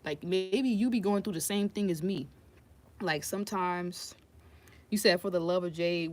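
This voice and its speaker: A woman's voice: fairly low pitch, normal speed. Blunt, profane woman tarot reader. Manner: blunt, profane and animated, laughing often. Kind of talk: casual live-stream tarot reading.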